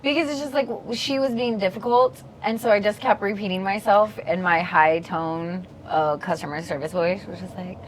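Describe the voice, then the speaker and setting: A woman's voice: medium pitch, normal speed, hardly any pauses, a little hiss or hum. Chatty woman telling a story. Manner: animated storyteller, swears freely, mimics people. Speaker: podcast co-host. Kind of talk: casual chat.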